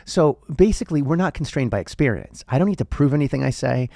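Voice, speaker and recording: A man muses out loud in a casual, theatrical monologue, his pitch rising and falling in lively swings. The recording is dry and close, with no room sound, and he drops in a curse now and then. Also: fast, vocal fry, no echo. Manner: playful, theatrical, swears casually. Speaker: podcast host.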